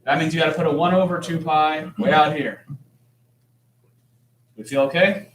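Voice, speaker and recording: A man with a voice on the high side teaches a calculus class, explaining problems casually and cracking jokes in a conversational way. He moves at a moderate pace with fairly even intonation and a fairly bright tone. A distant mic captures the echoey classroom.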